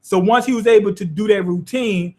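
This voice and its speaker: A man with a notably high voice talks through an anime episode in an off-the-cuff review. His speech is loose and profane. He keeps showing what he means as he explains it. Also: a little fast, darkish tone. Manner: loose and profane, demonstrating with gestures. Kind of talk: casual spoken episode review.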